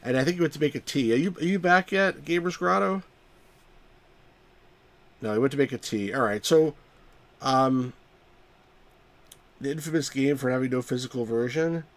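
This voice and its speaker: A man's voice: medium pitch, moderate pace, pauses often. A man hosting a live game stream in a loose, rambling chat. He pokes fun at himself and keeps talking to viewers in a plain, mid-range voice. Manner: rambling, self-mocking, chuckles often.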